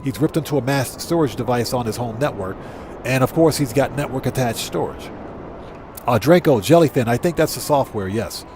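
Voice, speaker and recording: A man's voice: mid-range voice, expressive, normal speed, darkish tone, slight background noise. A middle-aged man hosting a gaming livestream, chatting casually, rambling and correcting himself as he reads chat aloud. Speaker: livestream host.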